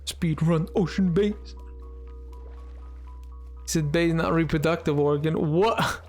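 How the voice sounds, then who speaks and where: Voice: medium pitch, takes it slowly, long pauses, darkish tone, soft background music. A streamer giving playful, chatty live commentary to chat while playing a game, indoors at a desk microphone. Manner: playful, chatty, self-mocking.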